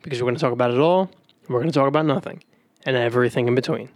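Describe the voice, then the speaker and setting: A man hosting a casual home-recorded podcast, teasing and energetic. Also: mid-range voice, rapid-fire, no room sound. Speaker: podcast host. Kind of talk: casual chat.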